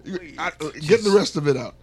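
A man's voice: a little high, expressive, quick pace, a little mellow. A man hosting a casual podcast chat, asking the questions and teasing his guests in playful banter. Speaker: podcast host.

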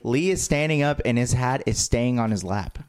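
A man's voice: medium pitch, lively intonation, over a noisy crowd. Crude teasing man hosting rowdy chat. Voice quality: crude, teasing, quick to ask leading questions. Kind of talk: rowdy casual chat among friends. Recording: other men laughing loudly nearby.

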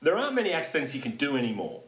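A man co-hosting a radio comedy show, bantering in an animated way, laughing and quick to argue. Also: on the high side. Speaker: radio co-host. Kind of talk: casual banter. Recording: echoey room.

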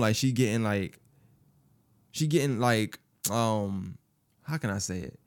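Animated man telling a story. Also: medium pitch, normal speed, smooth. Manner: animated, profane, acts out quoted voices. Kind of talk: casual spoken storytelling.

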